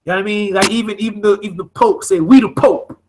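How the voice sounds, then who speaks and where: A man's voice: high-pitched, little pitch movement, rapid-fire, a little hiss or hum, rough recording. A man leading a study group on internet radio, explaining by restating phrases and often asking "okay?".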